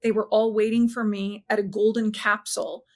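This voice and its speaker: A woman in an interview, telling a personal story earnestly and haltingly, often restarting her sentences and slowing down at emotional points. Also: mid-range voice, flat delivery. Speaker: interview guest.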